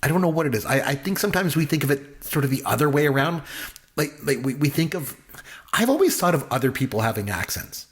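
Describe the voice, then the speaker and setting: A man's voice: fairly high pitch, lively intonation, fast. A man co-hosting a podcast, chatting casually and enthusiastically about a film, rambling with many fillers. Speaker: podcast co-host, film reviewer. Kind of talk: casual movie review chat.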